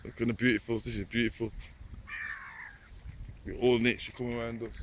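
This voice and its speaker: A man's voice: mid-range voice, flat delivery, fairly quick. A man vlogging by a lake, chatting in a laid-back, repetitive way and talking to the birds. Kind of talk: casual chat to camera. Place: outdoors by a lake. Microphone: phone. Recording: noisy outdoor phone recording.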